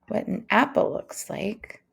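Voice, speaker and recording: Teaching phonics to young children, a woman speaks slowly, patiently and encouragingly in a classroom manner.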